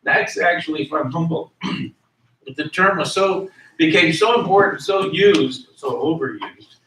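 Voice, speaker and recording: A man's voice: a little high, expressive, unhurried, a bit bright, a little hiss or hum. A man giving a history lecture to a class, explaining terms patiently and repeating words and spellings for his listeners. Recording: echoey room, voice from a distance.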